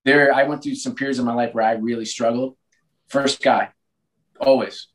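A man in his late forties, a sports team executive as a podcast guest, telling stories in a lively way with frequent restarts. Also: mid-range voice, normal speed, rough recording. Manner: animated, frequent restarts and repeated words. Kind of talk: casual interview storytelling.

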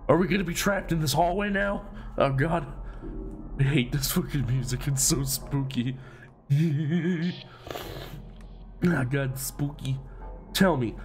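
A man commentating casually on a horror game, reading its dialogue aloud and joking with lots of swearing. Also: a little high. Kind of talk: casual let's play commentary.

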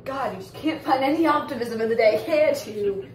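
A woman's voice: sits high, echoey room, recorded from a distance, slight background noise. A woman teasing and joking with friends while baking cookies in a home kitchen. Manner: teasing, sassy, quick to joke. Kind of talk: casual chat.

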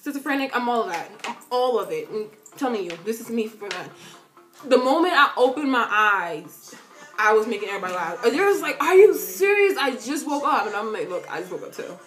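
A woman's voice: sing-song, brisk, faint music behind. A teenage girl vlogging from her bedroom and answering fan questions in a chatty, joking way. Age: teens. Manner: chatty, joking, dramatic swings in loudness and pitch. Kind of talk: casual Q&A vlog talk. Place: bedroom at home.

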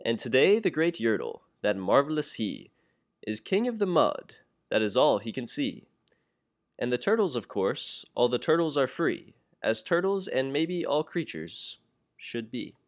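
A man's voice: medium pitch, a little slow. Young man reading a rhyming storybook aloud. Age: young adult. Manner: expressive, sing-song rhyming. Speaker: children's book reader.

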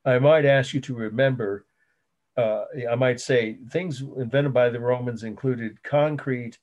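A man's voice: mid-range voice, darkish tone, slightly rough. A middle-aged man giving a college art history lecture, rambling and correcting himself, spelling out terms letter by letter. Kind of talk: recorded online lecture.

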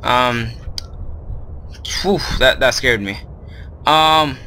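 A man's voice: medium pitch, very slow, bright, forceful tone, slight background noise. A man hosting a horror game video, nervous and rambling, filling gaps with lots of ums. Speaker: gaming video host. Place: at home with his brother nearby.

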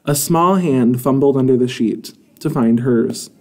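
A man reading a children's chapter book aloud in an expressive, measured way. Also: mid-range voice. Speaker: storybook reader.

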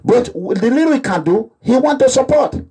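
Impassioned Nigerian man, husky high voice. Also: lively intonation, a little fast, dark tone. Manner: impassioned, repetitive, preaching in pidgin phrases. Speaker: activist vlogger. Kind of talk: animated monologue.

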